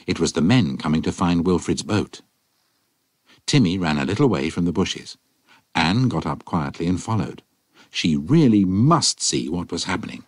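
A man reads a children's adventure as the narrator, with an expressive, storytelling delivery. His voice is very deep with a husky edge, and it rises and falls a lot. Faint music plays beneath. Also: moderate pace, no room sound.

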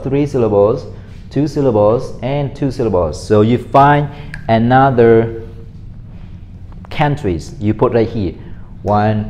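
Cambodian guy teaching english online, slow and patient, repeats himself a lot, mellow voice. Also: mid-range voice. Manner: slow, patient, repeats words, non-native phrasing. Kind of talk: online classroom lesson.

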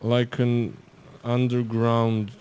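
Slow, rambling man commentating gameplay. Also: medium pitch, completely flat delivery, darkish tone, clear, resonant tone. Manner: rambling, joking asides to the viewer. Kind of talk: let's-play game commentary.

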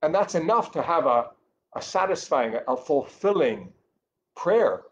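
A man giving a catechesis lesson in an earnest, explanatory way, pausing and restarting often as he thinks aloud. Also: fairly high pitch, sing-song, highs cut off. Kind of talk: catechesis teaching.

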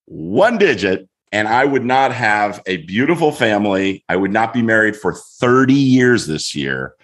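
A middle-aged man, a guest on a show, telling a story in an animated way and acting out voices as he goes. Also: on the low side, measured pace. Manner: lively, acts out voices in his story.

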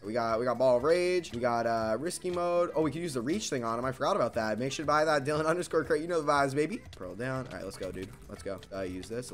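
A young man giving frantic, swearing gameplay commentary as a gaming video creator, swinging between mumbling and yelling. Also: medium pitch.

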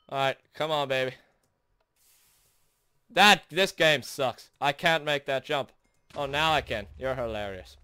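A young man hosting a gaming video, commentating his own play in frustration, shouting and groaning between sarcastic mutters. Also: a little high, measured pace, pauses often, smooth, no room sound, studio quality. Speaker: gaming channel host. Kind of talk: raging let's play commentary.

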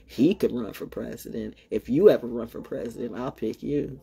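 A woman hosting her own show, talking in a rambling, animated way, often repeating herself, swearing freely, and swinging from loud bursts to low murmurs. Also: normal speed, creaky, hardly any pauses, slightly rough. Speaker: show host. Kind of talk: rambling solo livestream talk.

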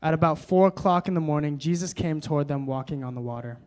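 A young man preaching at a young adults service, moving between quiet reading and loud, emphatic exhortation, with casual fillers when he tells a story. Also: fairly high pitch, fast. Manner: casual, many fillers when telling stories. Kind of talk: sermon.

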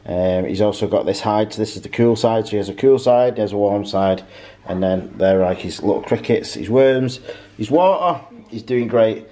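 A man giving a relaxed, easygoing tour in a casual home vlog, indoors at home. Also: lowish voice, moderate pace, low-quality recording. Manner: relaxed and easygoing, showing things around.

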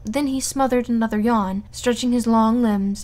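A woman reading a classic novel aloud in a steady, even narration. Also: on the high side, moderate pace, few pauses. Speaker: audiobook reader.

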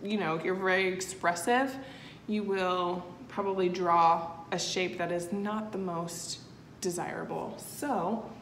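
A woman's voice: mid-range voice, a bit bright. A woman talking through a step-by-step tutorial in a chatty, easygoing way, with frequent fillers. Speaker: makeup tutorial host. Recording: echoey room with faint noise.

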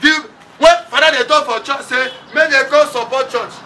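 Speaking at a normal speed in a very high, steady voice that sounds pushed and bright, a Nigerian-accented man delivers a funeral sermon. He switches between English and Pidgin and calls for the congregation's response, captured on a far-off mic amid crowd noise.

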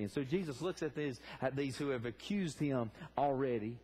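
A man's voice: mid-range voice, moderate pace, few pauses, warm tone, breathy edge. A man preaching a sermon in a church, fervently asking the congregation direct questions. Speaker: pastor. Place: church sanctuary.

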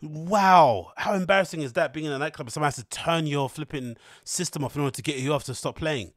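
A man hosts a podcast in rambling, casual commentary. He is animated, cheeky and profane, full of slang. His voice sits a little high and is recorded close and dry. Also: fast, dry recording. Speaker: podcast host.

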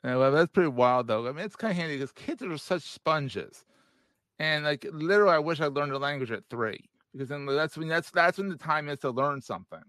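A man's voice: a little high, lively intonation, brisk, fairly bright tone, no echo. Forties guy hosting a chatty podcast, jokey, laughs a lot, dry close sound. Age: 40s. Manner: joking, laughs at own quips. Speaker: podcast host. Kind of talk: casual interview chat.

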